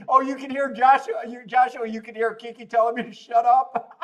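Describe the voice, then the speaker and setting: A man hosting a horse racing betting livestream, talking casually in animated, laughing rants and stammering often. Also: very high voice, moderate pace.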